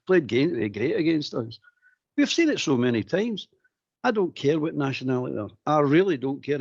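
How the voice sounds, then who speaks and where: Scottish man, gravelly voice, dry close sound, emphatic repetitive rant, phone-in chat. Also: medium pitch, no room sound. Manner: emphatic, repetitive ranting with mock quotes. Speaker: phone-in co-host. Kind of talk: casual football phone-in chat. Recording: dull lo-fi audio.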